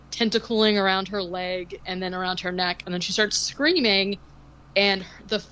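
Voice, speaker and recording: A woman's voice: medium pitch, fairly bright tone, dull audio. A woman co-hosting a podcast, recapping a film in casual chat, rambling with lots of "like" and sarcastic asides. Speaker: podcast co-host.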